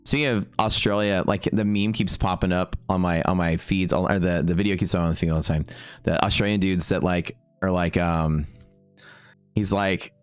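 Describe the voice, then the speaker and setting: Man, relaxed live-stream trading teacher, lowish voice, dry mic, chatty with his viewers. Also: smooth, no room sound, faint music behind. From Texas. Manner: casual and upbeat, full of fillers and quick asides to chat.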